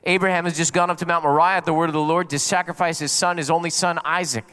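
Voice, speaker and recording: A man's voice: on the high side, fairly even intonation, fast talker, bright, forceful tone, clean tone. A middle-aged man, a pastor, preaching a sermon and telling stories and jokes to his congregation. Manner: storytelling preacher who plays out quotes and jokes with the congregation.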